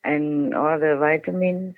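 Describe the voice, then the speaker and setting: Creaky high-voiced man on a tinny phone line. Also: steady tone, measured pace, no room sound. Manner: emotional, pleading, repeats words. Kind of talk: phone call with followers. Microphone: telephone.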